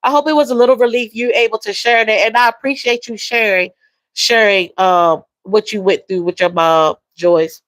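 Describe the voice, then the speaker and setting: Woman livestream host, warm and emotional, addresses chat directly, dry close recording, mid voice. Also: mid-range voice, fairly even intonation, moderate pace, no echo, rough recording. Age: adult with a young daughter. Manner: emotional, soft-spoken, repeats phrases, addresses viewers as y'all and baby. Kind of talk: casual livestream chat reading comments.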